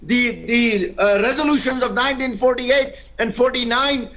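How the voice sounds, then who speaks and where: Male panelist from Pakistan, very high voice, ranting and defiant, dull lo-fi feed. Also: fairly even intonation, moderate pace, fairly bright tone. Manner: ranting, defiant, talks over others. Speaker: debate panelist. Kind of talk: heated TV debate.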